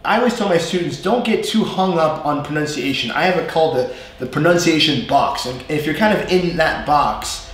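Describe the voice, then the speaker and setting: A man's voice: on the high side, fairly quick, a bit bright, heavy reverb. A man from New York with a New York accent, an English teacher telling rambling stories in a casual lesson chat. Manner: rambling storyteller with frequent restarts and laughs.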